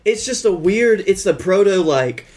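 A man co-hosting a casual movie podcast, with a voice that sits a little high. He retells scenes in a dry, sardonic way and mimics what the characters say. His tone stays relaxed and mocking throughout. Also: unhurried. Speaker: podcast co-host. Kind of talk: casual movie review chat.

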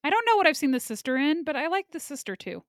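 This is a talkative woman reviewing movies with a friend, her opinions quick and candid. Her voice sits on the higher side and sounds close and dry, with no room around it. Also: sing-song, no echo. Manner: opinionated, chatty, laughs often. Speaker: podcast co-host. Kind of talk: casual movie review chat.

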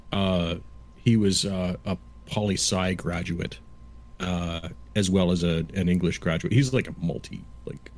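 A man in his fifties chatting casually, explaining at length in a halting way with frequent restarts. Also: sits low, a little mellow. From Canada. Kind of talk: casual chat.

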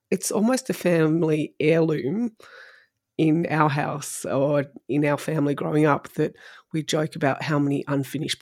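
A woman hosting a podcast, speaking in a measured, reflective way and offering soft affirmations as she listens. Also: deep voice, vocal fry, dry recording, studio quality. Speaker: podcast host. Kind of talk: reflective conversational interview.

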